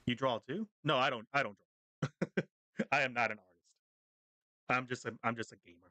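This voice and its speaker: A man's voice: mid-range voice, fairly even intonation, brisk, bright, forceful tone, no room sound. A man chatting casually on his live game stream, rambling with fillers and frequent laughs.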